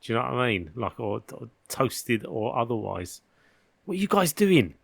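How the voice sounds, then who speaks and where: A man's voice: medium pitch, big pitch swings, normal speed, creaky, breathy edge, no room sound. A man in casual podcast chat, joking and bantering as a guest. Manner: jokey, banters and calls people mate.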